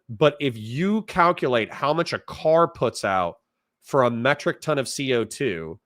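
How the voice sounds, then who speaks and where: A man's voice: mid-range voice, fairly bright tone, no room sound, clean studio sound. A man from Florida hosting a casual livestream, reading out chat donations and rambling bluntly in reply. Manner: rambling and blunt, reads chat messages aloud.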